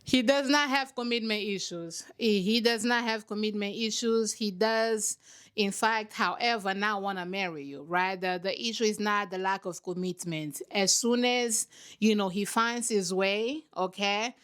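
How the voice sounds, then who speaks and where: A woman's voice: medium pitch, measured pace, a bit bright, smooth. A young woman host giving blunt, sassy commentary on a reality show, with laughing asides. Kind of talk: casual reaction commentary.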